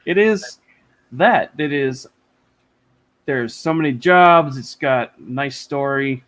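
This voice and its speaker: A man guest in casual chat over a video call from home, talking in an excited, rambling way and swearing freely. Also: mid-range voice, takes it slowly. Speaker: interview guest.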